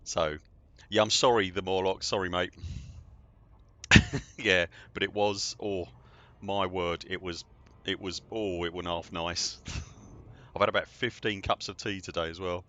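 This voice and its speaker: Deep-voiced, jokey streamer. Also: male voice, fairly even intonation, measured pace, long pauses, a bit bright. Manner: chatty, rambling and jokey. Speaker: game streamer. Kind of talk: casual livestream chat. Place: at home.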